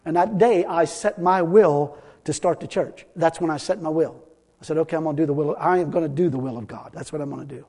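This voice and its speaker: A man preaching a sermon as pastor, talking conversationally, repeating himself and swelling louder for emphasis. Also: a little high, fast talker. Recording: long hall reverb.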